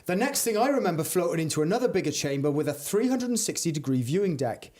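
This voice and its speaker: Man, slightly high voice, podcast host, mock-dramatic storytelling, playful banter. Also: very animated, fast talker, darkish tone. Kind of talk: comedic podcast chat, reading news stories.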